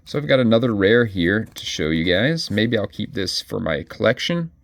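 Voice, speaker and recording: Paging through his cards, this chatty collector vlogger speaks straight to his audience and keeps revising what he says mid-sentence. His lowish voice is animated and a bit bright, at a moderate pace, in a dry recording.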